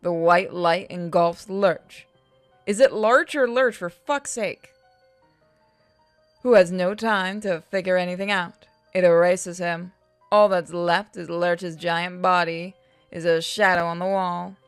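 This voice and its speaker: A woman's voice: fairly low pitch, fairly even intonation, slow, smooth, dry recording, faint music behind. A woman reading and narrating a game aloud, with joking, swearing, self-mocking asides.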